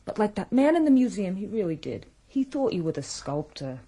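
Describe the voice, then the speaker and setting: An actress playing a middle-aged New York wife, rueful and wistful, in a radio drama. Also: female voice, medium pitch, sing-song, brisk, mellow, husky. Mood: fretful.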